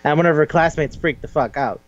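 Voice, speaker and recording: A man co-hosting a casual podcast, retelling a manga with crude humor and quick quoted voices. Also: on the high side. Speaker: podcast co-host. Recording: dull lo-fi recording with hum.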